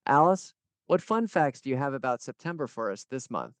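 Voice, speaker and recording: Male co-host, smooth, clear voice with wry humor, dry close mic. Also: mid-range voice, big pitch swings, brisk, no room sound. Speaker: podcast co-host. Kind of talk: podcast intro and banter.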